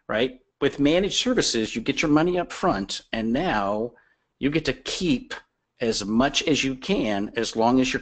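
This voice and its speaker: A man appearing as a guest expert on a webinar, explaining business advice in a conversational, persuasive way with anecdotes. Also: mid-range voice.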